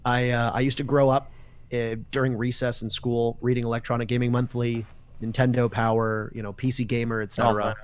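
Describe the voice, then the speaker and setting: This man has a mid-range, clean-toned voice and a brisk delivery. He's an esports caster from Canada, chatting casually on a podcast and bringing his stories to life by acting out the dialogue.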